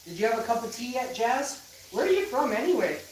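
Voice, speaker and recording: A man's voice: very high-pitched, sing-song, a little fast. A man hosting a casual livestream, bantering and boasting to viewers in the chat. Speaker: livestream host. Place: indoor room with ring light. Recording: roomy echo, far from mic, faint noise.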